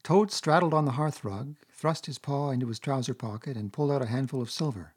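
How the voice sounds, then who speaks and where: Man reading a kids' storybook aloud, husky voice, steady. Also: medium pitch, a little fast. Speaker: narrator.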